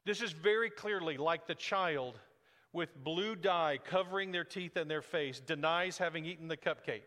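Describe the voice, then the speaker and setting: A man preaching a sermon as pastor, reading scripture and explaining it, rising to emphatic peaks and dropping to slow, grave lines. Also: high-pitched, fairly bright tone. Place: church sanctuary. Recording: long reverb of a large hall.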